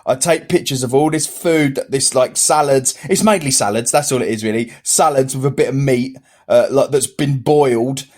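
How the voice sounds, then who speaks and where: A man's voice: mid-range voice, moderate pace, a little mellow. A man co-hosting a casual talk show, telling stories animatedly with laughter and swearing. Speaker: podcast co-host. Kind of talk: casual banter.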